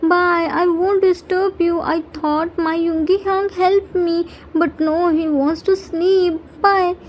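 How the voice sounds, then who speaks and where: A woman's voice: very high-pitched, steady tone, slow, slight background noise. A woman voicing a playful, pouty young man who talks in a cutesy baby voice and pleads whinily. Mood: cutesy pleading.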